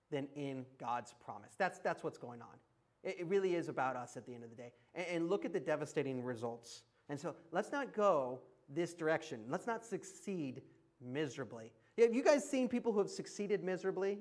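A man preaching in a church, his voice sitting noticeably high for a man. He keeps the sermon conversational, with frequent laughs and emphatic asides to the congregation. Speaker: pastor.

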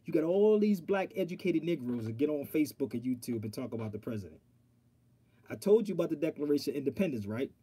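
A man hosting an online livestream, talking straight to his viewers in an animated, preachy way and reading aloud from a law dictionary. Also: a little high, fast, breathy edge. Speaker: online show host. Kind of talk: casual livestream talk.

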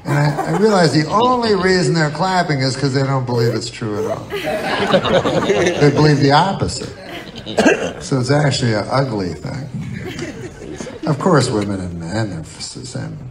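A man performing a stand-up comedy set in a large venue, deadpan, rambling and profane. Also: medium pitch, unhurried, long pauses. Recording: audience recording with loud crowd and noise. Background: crowd laughter.

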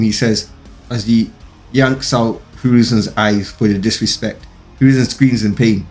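A man's voice: on the low side, steady tone, measured pace, darkish tone. A man narrating a fan-fiction story in a plain, run-on reading with occasional slips. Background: faint music.

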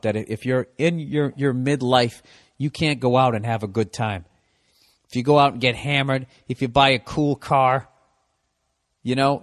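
A middle-aged man riffs through a comedic monologue with a profane, sardonic edge, his voice sitting at an ordinary male pitch. He drifts between quiet, muttered asides and sudden loud bursts. The sound is dry and close, with no room around it. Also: dry recording. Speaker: podcast host.

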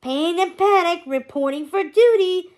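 A woman doing a squeaky yelping imp minion. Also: measured pace, darkish tone. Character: bumbling little male imp minion.

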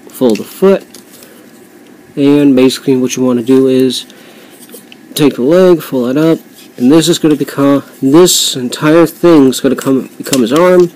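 Slight background noise and rough recording quality accompany a man's dark, medium-pitched voice. Handling a toy he customized at home, he reviews it casually, rambling with many fillers and quick apologies and sometimes drifting away from the mic.

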